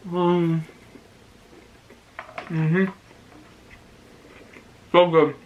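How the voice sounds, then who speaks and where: A young man from Canada, a vlogger, chatting casually and giving advice, pausing now and then to chew. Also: fairly high pitch, lo-fi sound, a little hiss or hum. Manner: relaxed, chatty, with pauses to chew. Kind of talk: casual chat while eating.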